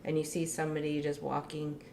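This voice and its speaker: Low-voiced mom co-host; earnest, measured, faint noise behind. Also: female voice, completely flat delivery, a little mellow. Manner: measured, earnest, uses many fillers. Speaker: family show co-host, mother. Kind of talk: casual family chat.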